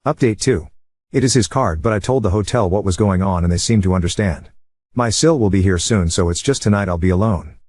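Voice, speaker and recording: Man, story narrator, scripted narration, brisk even reading, fast pace, lowish voice. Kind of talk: scripted narration of an online post.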